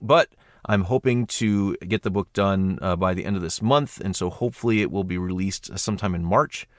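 An American man chatting casually on a podcast, his voice sitting on the low side. He rambles, stacking fillers and false starts as he thinks aloud. The sound is close and dry with no room around it. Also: moderate pace, no echo. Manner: rambling, lots of fillers and restarts. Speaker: audiobook narrator guest.

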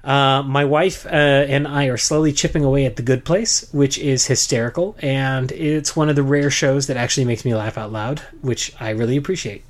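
A man's voice: medium pitch, fairly even intonation, normal speed, few pauses. Chatty, enthusiastic male co-host. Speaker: podcast co-host. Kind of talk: casual chat.

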